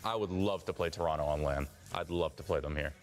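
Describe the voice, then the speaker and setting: A professional esports player answers interview questions in a joking, candid way. His voice sits deep and low, with faint music underneath. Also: quick pace.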